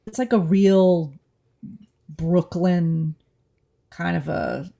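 A woman's voice: fairly low pitch, extremely slow, creaky, mellow. A woman from New Orleans co-hosting a casual podcast, talking candidly and thinking aloud with frequent restarts. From New Orleans, USA. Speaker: podcast co-host.

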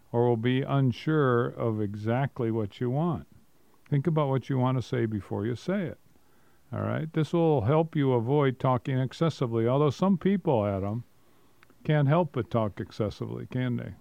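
A man's voice: mid-range voice, moderate pace, vocal fry, a little mellow, dry recording. A man co-hosting a business talk show, reading out points and commenting on them wryly. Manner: reads points aloud, then comments wryly. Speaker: co-host. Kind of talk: casual radio talk.

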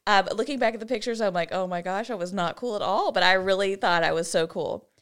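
A woman's voice: mid-range voice, quick pace, clear, resonant tone. A woman in her forties co-hosting a podcast, chatting casually and laughing often. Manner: giggly, chatty, quotes movie lines in put-on voices. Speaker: podcast co-host. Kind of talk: casual chat.

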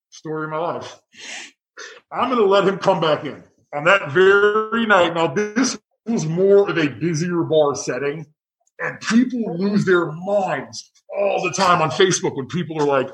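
A man's voice: on the high side, normal speed, a bit bright, rough recording. A man who works as a bartender telling a heated, profane story in a casual chat.

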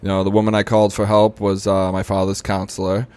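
A man's voice: deep voice, completely flat delivery, quick pace, a little mellow, clean tone. A young adult man, telling his recovery story in casual talk, full of "you know" and "right?". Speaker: podcast guest.

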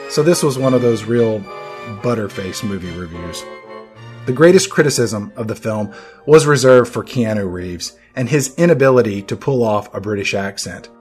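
Guy hosting a movie podcast, super animated voice, playful dramatic reads, little music under it. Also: lowish voice, moderate pace. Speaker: podcast host. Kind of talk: scripted movie podcast narration.

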